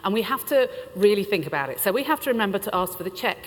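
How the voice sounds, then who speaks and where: A British woman talks to a conference crowd in a chatty, playful way, at a middling pitch. Her voice rings out with the long reverb of a large hall. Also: expressive, fast talker. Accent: British English. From United Kingdom. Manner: chatty and playful, laughs between lines. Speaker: conference speaker. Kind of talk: humorous conference talk.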